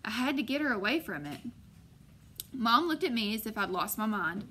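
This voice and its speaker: A woman narrating a first-person audiobook in a measured way, slowing on suspenseful moments. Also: on the high side, lively intonation, pushed and bright, a little hiss or hum.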